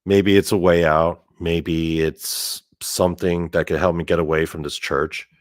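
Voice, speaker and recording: A man telling a story in a casual monologue, animated and profane, with lots of "like" fillers. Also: low voice, a little slow, dry recording, studio quality. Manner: animated and profane, heavy use of "like". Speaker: storyteller host.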